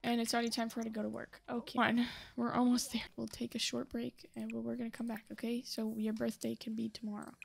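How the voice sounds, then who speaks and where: Gravelly young woman chatting through a game. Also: a little high, monotone, quick pace, few pauses. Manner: chatty, talks to the game characters, scolds them. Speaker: gaming channel host. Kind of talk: casual gameplay commentary.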